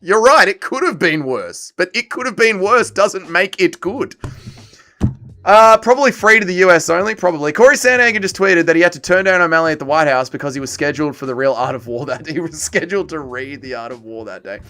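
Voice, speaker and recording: A man hosting a livestream, reading viewer comments aloud and answering them in a casual chat that swings between loud swearing rants and low grumbling. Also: expressive, fairly quick. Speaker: livestream host.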